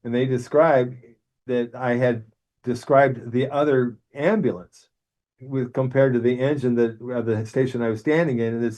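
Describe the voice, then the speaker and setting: An older man in his sixties, who lives in Arizona, tells his own near-death story in a plain mid-pitched voice. He talks earnestly, stumbles over restarts, and rises in energy when he quotes the paramedics. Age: 60s. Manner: earnest, animated when quoting others, halting restarts. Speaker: guest telling his near-death experience. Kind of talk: personal storytelling.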